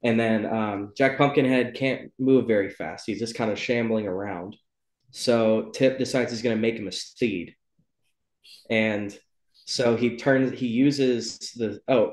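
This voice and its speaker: A low-pitched man talks through a book in a casual, rambling way, full of ums and restarts as he corrects himself. He hosts the show. His voice carries a roomy echo. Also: darkish tone. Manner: loose and rambling, many ums and self-corrections. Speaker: podcast host. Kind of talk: casual book club chat.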